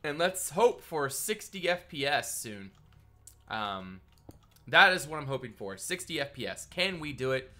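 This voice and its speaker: A man's voice: fairly high pitch, very animated, measured pace, bright, forceful tone. A man live-streaming a building session, chatting casually with viewers and greeting them by name, his voice nasal and congested from a cold.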